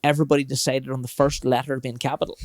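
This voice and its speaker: A man talks into a dry close podcast mic at an ordinary middle pitch. He tells stories in a loose, chatty way and often laughs while talking. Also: level tone, fast talker, a little mellow, no room sound. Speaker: podcast co-host. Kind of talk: casual chat.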